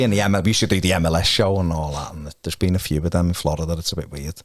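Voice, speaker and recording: A man's voice: low voice, fairly even intonation, rapid-fire, no echo, studio quality. A man chatting casually as a podcast guest, telling stories and chuckling often. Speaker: podcast guest, fan channel presenter. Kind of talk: casual chat and anecdotes.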